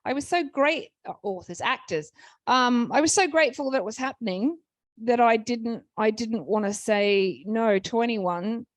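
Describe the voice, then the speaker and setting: Australian woman telling lively stories, dry sound. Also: on the high side, normal speed, dry recording. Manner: lively storytelling, acts out quoted people, frequent restarts. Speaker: author on a panel. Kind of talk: anecdotal panel talk.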